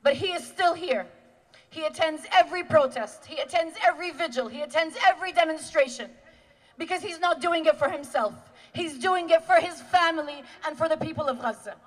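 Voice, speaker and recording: A woman serves as MC at a rally and introduces the next speaker. Her voice is high and her phrasing steady and measured. A long reverb trails behind each line.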